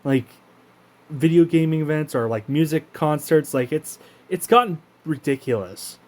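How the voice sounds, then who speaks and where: A Canadian channel host rants casually to camera, angry and profane, often pausing and beginning his sentences again. His slightly high voice is expressive and a bit mellow, at a normal speed.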